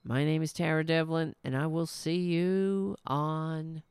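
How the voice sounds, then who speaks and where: A woman's voice: steady tone, unhurried, clear, resonant tone, no echo. A woman podcast host chatting casually and signing off her show. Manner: coaxing her cat in a soft high voice, then upbeat sign-off. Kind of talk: casual livestream sign-off.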